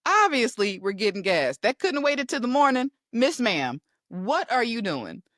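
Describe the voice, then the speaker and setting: Lively animated woman host. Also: fairly high pitch, moderate pace, dry recording, studio quality. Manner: animated, playful teasing, acts out scenes in voices. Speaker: podcast host. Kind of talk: casual chat.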